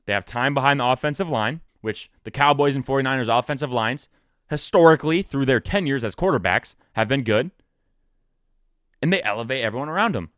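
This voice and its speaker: A man in his twenties hosts a solo sports podcast, speaking briskly in echo-free studio quality. His casual talk is animated and joking, with pitch jumps for emphasis.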